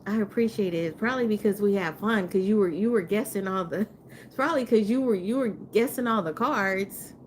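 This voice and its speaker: A woman's voice: mid-range voice, brisk, slight background noise. A woman chatting casually on a livestream, rambling and laughing often as she talks to her viewers. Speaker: live streamer.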